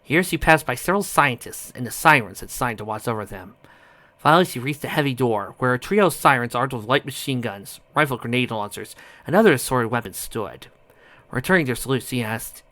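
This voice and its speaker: A man's voice: medium pitch, expressive, fairly quick, bright, forceful tone. A man reading a fan story aloud, often stumbling over a word and correcting himself. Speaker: audiobook reader.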